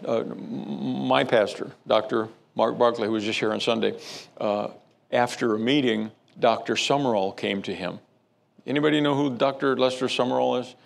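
A man's voice: mid-range voice, creaky. A man preaching a sermon as pastor, telling a story with frequent stammered restarts.

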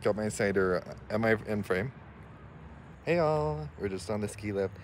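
A chatty, giggly young man talks straight into his phone. His fairly low voice swings widely in pitch as he jumps from nervous chatter to laughter. The recording is a noisy outdoor phone capture. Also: animated, unhurried. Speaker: vlogger. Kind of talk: casual vlog. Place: outdoors on a ski lift at night. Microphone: handheld phone.

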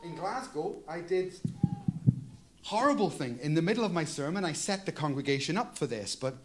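Pastor guy preaching, kinda high voice, chatty, keeps asking amen?. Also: expressive, normal speed, a little hiss or hum. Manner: conversational preaching, prompting the congregation with "Amen?". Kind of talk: sermon.

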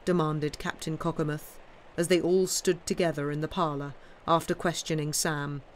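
A woman reading a classic story aloud on a live stream, with steady, expressive narration. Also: deep voice, moderate pace, slight background noise. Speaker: reader of classic stories.

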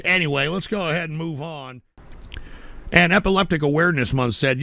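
This is a male stream host who rants and curses his way through chat messages. His voice sits high and swings widely, with a gravelly crackle. The sound is dry and close. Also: fairly quick, pushed and bright, no echo. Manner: profane, irritable ranting. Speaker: livestream host. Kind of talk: casual live-show commentary.

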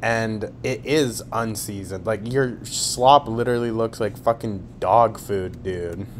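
A man's voice: lowish voice, slow, slight background noise. A man giving crude, sarcastic reaction commentary, mocking and swearing often. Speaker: commentary host.

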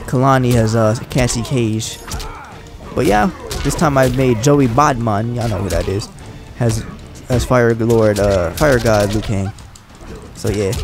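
A young man hosting a casual let's-play, chatting excitably with frustrated outbursts. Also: mid-range voice. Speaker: gaming channel host. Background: game music and sound.

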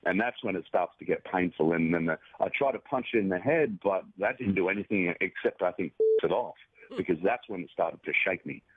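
A man calmly recounting a survival story in a measured, matter-of-fact way. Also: low-pitched, slightly rough, dry recording. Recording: tinny phone-like dry audio.

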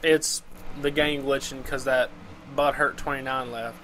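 A man's voice: mid-range voice, steady tone, unhurried, heavy background noise. A man playing an online racing game and trolling the other players, taunting and mocking them with laughter. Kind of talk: casual gaming commentary with voice chat.

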